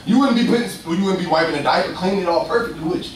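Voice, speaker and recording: High-voiced preacher in an echoey hall. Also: male voice, fast talker, few pauses, slight background noise. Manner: animated, acts out voices, swings between loud and hushed. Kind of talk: sermon. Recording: echoey room picked up from far off, faint ambience.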